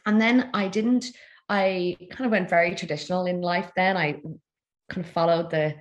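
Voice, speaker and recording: A woman, a feng shui expert chatting as a podcast guest and telling her story with quick asides and laughs. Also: fairly low pitch, steady tone. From Ireland. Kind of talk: casual interview chat.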